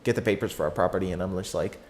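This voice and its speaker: A teenage boy with a fairly low voice tells a story in a loose, rambling vlog style. He stumbles through restarts and fillers and drops in slang. A faint hiss of background noise sits under his voice. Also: racing. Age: teenager, fourteen. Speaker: YouTuber telling a story.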